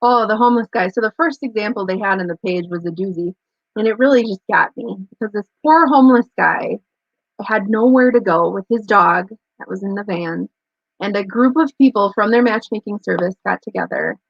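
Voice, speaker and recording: Soft-spoken woman co-host, casual chat, dry and slightly muffled recording. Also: mid-range voice, brisk, dry recording. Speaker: co-host of a live advocacy stream. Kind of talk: casual live-stream chat.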